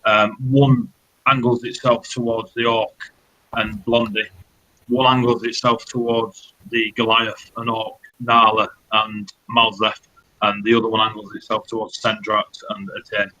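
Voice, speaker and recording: A man's voice: lowish voice, level tone, a little slow, pushed and bright, highs cut off, slight background noise. A man narrating as dungeon master, loose and sweary, with many fillers. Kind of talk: narrating a tabletop game.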